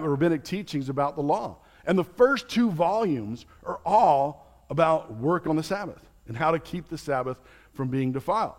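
Man preaching, slightly higher voice. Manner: earnest, explanatory teaching with light chuckles. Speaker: pastor. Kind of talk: sermon.

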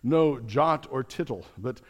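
A man's voice: mid-range voice, a little slow. A man, a pastor, preaching a sermon in an earnest, explanatory teaching manner with light chuckles.

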